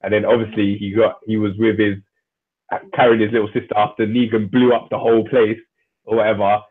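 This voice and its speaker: A husky-voiced man tells a TV plot scene by scene, full of slang. The sound comes through thin and tinny, like a phone line. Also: on the low side, brisk. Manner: animated storyteller acting out scenes in slang. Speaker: podcast co-host. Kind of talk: casual chat, retelling a TV episode.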